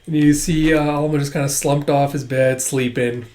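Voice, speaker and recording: A man's voice: a little high, fairly even intonation, moderate pace, darkish tone. Rambling man with lots of fillers. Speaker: YouTuber reading a manga. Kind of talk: casual reaction commentary.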